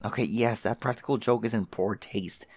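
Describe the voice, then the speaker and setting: A patient, nerdy teenage girl who explains things calmly, as a man puts her on. His voice stays low and a bit soft, in a dry, close sound. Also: moderate pace, husky, no room sound. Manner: calm, explaining.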